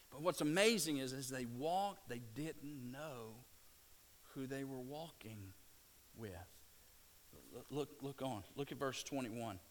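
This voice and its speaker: A middle-aged man preaches at an unhurried pace with a mid-range voice. He retells scripture with animated asides, stammering restarts and bursts of energy. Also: medium pitch, a little hiss or hum. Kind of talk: sermon.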